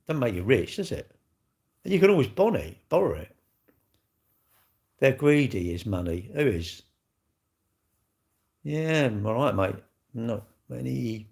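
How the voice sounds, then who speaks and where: A man's voice: mid-range voice, sing-song, normal speed, gravelly, long pauses, darkish tone. A middle-aged man hosting a casual livestream, bluntly joking and swearing as he answers his chat. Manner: blunt, jokey, swears freely, talks back to chat. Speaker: livestream host. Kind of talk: casual livestream chat reading viewer comments.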